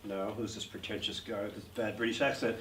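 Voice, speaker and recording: A man's voice: fairly low pitch, flat delivery, a little fast. Rambling older man telling stories. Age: 60s. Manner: rambling, many "uh" fillers. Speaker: actor guest. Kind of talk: anecdotal interview storytelling. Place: art gallery event. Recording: roomy, distant mic, faint noise.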